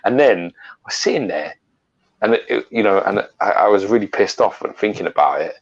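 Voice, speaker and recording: A middle-aged man with a very low, deep voice tells rambling anecdotes, swearing freely and laughing between lines. The sound is a little dull and lo-fi, like a home live stream. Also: animated, fairly quick. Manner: sweary, storytelling, laughs often. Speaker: co-host. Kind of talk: casual chat.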